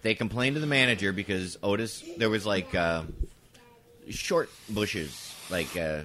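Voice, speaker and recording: A man co-hosting a podcast, telling stories in casual chat, swearing freely and breaking into shouted impressions. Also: lowish voice, unhurried, slight background noise. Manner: animated, breaks into loud shouted impressions and laughs. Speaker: podcast co-host. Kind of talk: casual storytelling.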